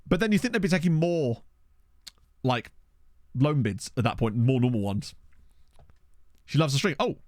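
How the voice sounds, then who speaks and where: A man's voice: mid-range voice, expressive, normal speed, pauses often, darkish tone, dry recording, studio quality. A man live-streaming a management game, chatting casually, thinking aloud and swearing now and then. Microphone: desk condenser microphone.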